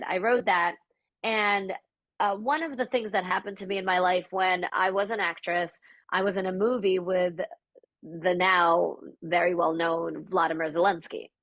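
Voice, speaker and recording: A lowish, fairly bright voice belongs to this woman from the Soviet Union, a native Russian speaker guesting on a podcast. She reflects in conversation, choosing her words in a thoughtful, searching manner.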